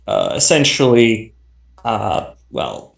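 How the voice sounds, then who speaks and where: A man running a tabletop game, chatting casually between turns with a halting delivery full of fillers and restarts, heard over a voice call. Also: fairly low pitch, very animated, gravelly. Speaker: game master. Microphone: voice chat over the internet. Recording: echoey voice-chat audio.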